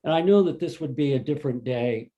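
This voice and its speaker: A man's voice: medium pitch, mellow, muffled recording. Earnest man telling a personal story. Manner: earnest, emotional storytelling with pauses. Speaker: fundraiser and board volunteer. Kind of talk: personal story at a virtual panel. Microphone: video call.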